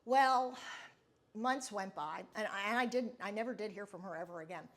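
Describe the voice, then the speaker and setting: A middle-aged woman talks straight to her listeners as a podcast host, telling a personal story. Her voice is mid-pitched, and her manner is candid and confiding. She stays reflective throughout. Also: fast talker.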